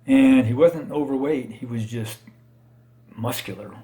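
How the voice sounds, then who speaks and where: A card collector vlogger takes it slowly in a mellow, mid-range voice as he casually talks through his collection without a script. He's hesitant and rambling, frequently correcting himself and poking self-deprecating fun at his own mistakes.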